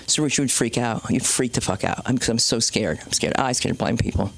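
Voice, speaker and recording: A woman comedian hosting an open mic night, telling a rambling stand-up story with swearing and sudden loud and low turns. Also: quick pace, vocal fry. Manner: animated, swearing, jumps between loud and low. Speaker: comedian and show host. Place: small comedy club stage.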